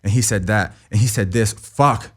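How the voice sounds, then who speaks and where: A young man with a slightly low voice recounts a hard personal story as a guest. He talks in loose, repetitive runs, swears freely and keeps checking in with "you know what I mean.". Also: fairly even intonation, a little fast. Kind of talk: emotional personal account in an interview.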